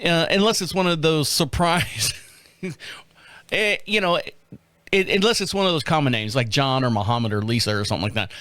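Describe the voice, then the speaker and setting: A man's voice: fairly high pitch, moderate pace, bright, forceful tone, dry recording. A man hosting a podcast, riffing in a casual, crude, joking way and laughing at his own remarks. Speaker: podcast host. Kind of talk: casual comedic commentary.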